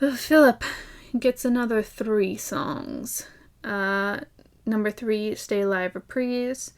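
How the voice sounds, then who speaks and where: A woman's voice: a little high, a little slow, creaky. A young woman from Ireland chatting casually and enthusiastically in a fan review vlog, laughing often. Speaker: vlogger.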